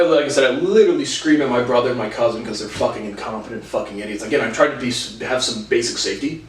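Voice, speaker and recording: A man's voice: medium pitch, slight background noise. A man angrily ranting through a personal story, swearing constantly and stumbling over restarts. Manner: profane, agitated, heavy swearing; halting restarts. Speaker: vlogger. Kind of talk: storytelling rant. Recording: roomy, distant mic.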